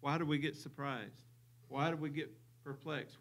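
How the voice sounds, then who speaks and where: A man's voice: a little high, fairly even intonation, moderate pace, vocal fry, fairly bright tone. A man with a Southern US accent preaching a sermon as pastor, repeating phrases for emphasis and chuckling now and then.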